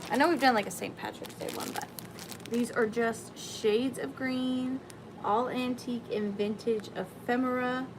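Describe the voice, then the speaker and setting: A woman hosting a live-stream sale, chatting excitedly and greeting viewers by name. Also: on the high side, measured pace, background noise. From Southern US.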